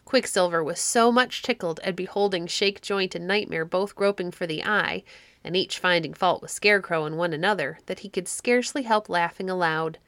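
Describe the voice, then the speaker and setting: A woman reading a children's classic story aloud, with expressive narration. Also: lowish voice, moderate pace, no room sound.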